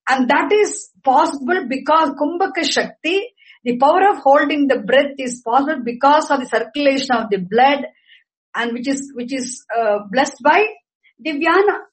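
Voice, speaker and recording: A woman lecturing on a sacred text, deliberate, repeating and explaining each term. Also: high voice, rough recording. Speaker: scripture teacher.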